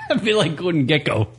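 A man co-hosting an internet radio show, ranting in loud, profane, crude banter. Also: on the high side, slight background noise. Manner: loud, profane, riffing rants.

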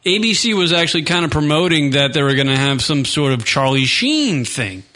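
A man in his thirties co-hosting a casual talk show, ranting and swearing freely between loud laughs. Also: on the high side, very animated, brisk. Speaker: podcast co-host. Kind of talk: casual profane banter.

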